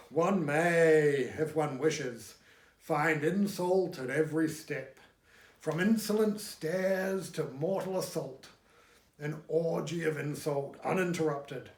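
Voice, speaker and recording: A man reading a novel aloud in a measured, wry narrating voice, recorded at home. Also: fairly high pitch. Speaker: audiobook reader. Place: home room. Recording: echoey room.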